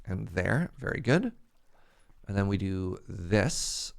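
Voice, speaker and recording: A man's voice: deep voice, sing-song, takes it slowly, gravelly, slight background noise. Easygoing man chatting while he plays. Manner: chatty, easygoing, thinks aloud while building. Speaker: streamer playing a building game. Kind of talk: casual livestream chat while playing.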